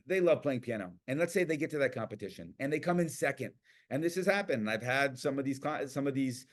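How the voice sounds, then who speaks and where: Animated man telling stories. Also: medium pitch. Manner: animated storyteller acting out quoted people. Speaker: guest speaker on passion. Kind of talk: casual talk.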